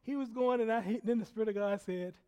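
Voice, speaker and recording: A man preaching a sermon, telling a personal story in an animated way, laughing often and dropping from loud bursts to hushed quiet. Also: high-pitched, quick pace, clear, resonant tone, muffled recording. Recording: long hall reverb.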